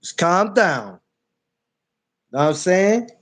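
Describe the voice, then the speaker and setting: A man hosts a casual podcast, his voice sitting high for a man. He jokes loudly and hammers his lines home by repeating them. The talk is loose, teasing banter. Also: big pitch swings, takes it slowly. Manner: loud, joking, repeats himself. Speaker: podcast host.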